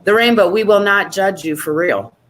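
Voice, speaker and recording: A woman hosting a support group meeting online, chatting and teasing in a lively, casual way. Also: medium pitch, moderate pace, a little hiss or hum, poor audio.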